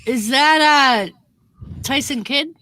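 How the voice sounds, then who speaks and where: A woman in a casual chat, relaxed and quick to laugh. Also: high-pitched, no room sound.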